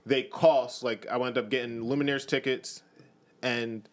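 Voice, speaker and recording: A man's voice: medium pitch, fairly even intonation, measured pace. Rambling profane young podcaster, man. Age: young adult. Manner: rambling, profane, full of restarts and quoted asides. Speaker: podcast co-host. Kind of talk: casual chat. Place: basement home studio.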